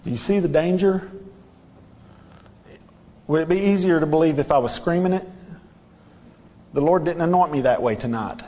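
A man's voice: on the high side, moderate pace, long pauses, warm tone, big-room sound. A man preaching a sermon in a church, earnest and repetitive, pressing his listeners with rhetorical questions. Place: church sanctuary.

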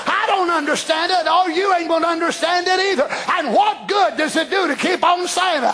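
A man preaching a sermon in a fiery, emphatic way, often raising his voice to a shout. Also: very high voice, lively intonation, unhurried, a faint crowd, slight background noise.

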